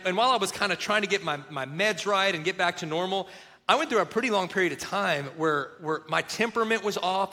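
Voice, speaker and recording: A man's voice: high voice, pushed and bright. A man co-hosting a faith-based marriage talk, speaking earnestly and telling stories with acted-out quotes. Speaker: co-host of a marriage show.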